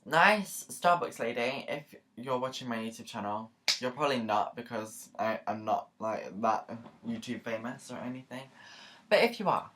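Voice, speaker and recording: A woman with a very deep, fairly bright voice talks to the camera at a moderate pace, barely pausing. Her casual vlog chatter is rambling, heartfelt, and emotional, packed with tangents and filler words.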